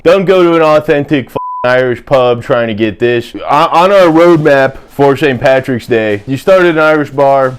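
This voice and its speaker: A young American man hosting a comedy drinking guide in an irreverent, profane, rambling way. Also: medium pitch. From United States. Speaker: comedy cooking host. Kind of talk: comedic monologue.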